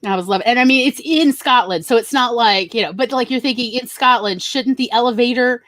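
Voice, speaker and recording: A chatty woman with a Southern US accent, rambling along in a relaxed livestream conversation and laughing easily. She sounds close to the mic, with a dry, dead sound and no room echo around her voice. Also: a little high, fairly quick. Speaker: host. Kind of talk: casual chat on a livestream.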